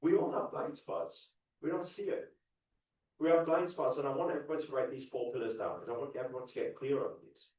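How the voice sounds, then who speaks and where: A man's voice: mid-range voice, fairly quick. Echoey male coach talking to a crowd. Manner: animated, repetitive, chuckles often. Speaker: spiritual coach. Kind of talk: motivational talk to a live audience. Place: large event ballroom. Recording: echoey dull hall sound from far off.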